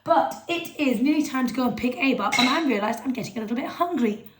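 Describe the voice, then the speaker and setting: Woman, 30s, upbeat food vlogger, slightly high voice, faint noise. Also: lively intonation, quick pace. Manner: chatty, enthusiastic, talks while eating. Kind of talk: casual food vlog chat.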